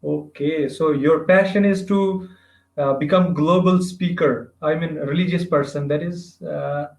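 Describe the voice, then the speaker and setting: A man practicing English in a casual conversation over a video call, searching for words with halting phrasing. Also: fairly high pitch, steady tone, creaky, a little mellow. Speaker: English learner. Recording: roomy, dull lo-fi video call audio.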